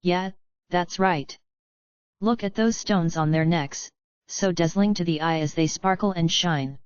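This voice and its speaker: Woman reading awed young lady, soft, marveling, smooth low voice. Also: a little slow, no room sound, muffled recording, close to an everyday voice.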